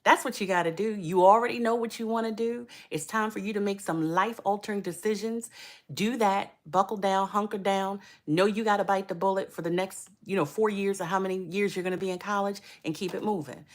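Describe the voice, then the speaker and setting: A woman's voice: mid-range voice, fairly even intonation, a little fast. A middle-aged woman giving caregiving advice on a live stream, chatty, repeating words for emphasis and greeting viewers by name. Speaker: caregiver coach.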